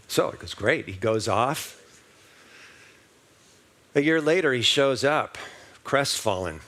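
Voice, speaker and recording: A man's voice: on the low side, a little slow, pauses often, bright, forceful tone. A man giving a sermon at a church service, telling a story in a conversational way and putting rhetorical questions to the congregation. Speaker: minister.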